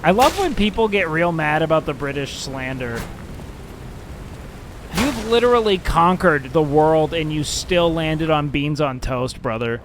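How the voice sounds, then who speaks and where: A man's voice: fairly high pitch, a little hiss or hum. A man streaming a game and chatting casually, joking and sarcastic, swearing freely. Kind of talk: casual gaming stream chat.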